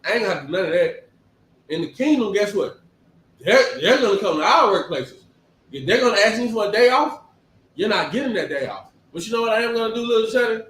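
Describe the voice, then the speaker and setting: A man with a high voice delivers a conversational sermon in an echoey room, picked up by a distant mic. His preaching is animated and emphatic, full of rhetorical questions.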